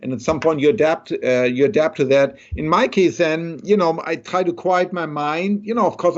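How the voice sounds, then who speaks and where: A man, a neuroscientist guest thinking aloud in a conversational interview. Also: a little high. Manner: thoughtful, explains with many rhetorical "right?". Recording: dull lo-fi sound.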